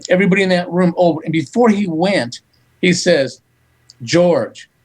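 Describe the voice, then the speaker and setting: A man talking as a psychic medium guest, recounting events in animated storytelling and quoting back-and-forth dialogue. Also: high-pitched, brisk, rough recording. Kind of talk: storytelling in a radio interview.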